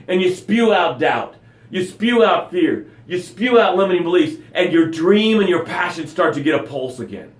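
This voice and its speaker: A man's voice: sits high, moderate pace. Fired-up male motivational coach, roomy sound. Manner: energetic, preachy, with whoops and shouts, then drops to soft breathing cues. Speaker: motivational coach hosting a daily live broadcast. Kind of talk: motivational live-stream talk.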